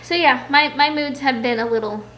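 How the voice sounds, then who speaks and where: Bright, high-voiced chatty woman. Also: normal speed, faint music behind. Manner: chatty and rambling, many "like"s. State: pregnant. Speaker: vlogger answering viewer questions. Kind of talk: casual Q&A chat. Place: home.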